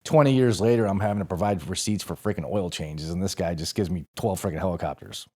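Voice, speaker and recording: A man from St. Louis tells a war story on a podcast in a deep, low-pitched voice. He sounds tired, but he keeps things animated, profane and full of laughs. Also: quick pace. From St. Louis, USA. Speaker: podcast guest, former Marine. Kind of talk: casual storytelling.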